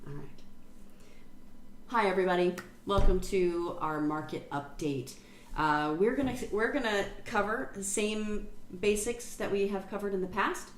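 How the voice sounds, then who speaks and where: A woman's voice: mid-range voice, moderate pace. Upbeat woman broker in an echoey room. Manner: upbeat, self-described goofball, casual explaining. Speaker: real estate broker. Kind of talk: market update video talk. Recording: roomy echo, faint background hum.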